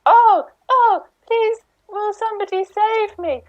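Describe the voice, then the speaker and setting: A woman voicing a helpless damsel in distress with shrill, pleading cries. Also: slow, muffled recording. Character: helpless woman in peril crying for rescue.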